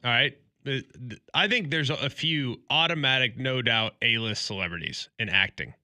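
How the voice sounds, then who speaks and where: With a bright, forceful mid-range voice at normal speed, this sports radio co-host sounds animated as he trades jokes on a morning show and argues with pretend gravity. The sound is dry and studio quality.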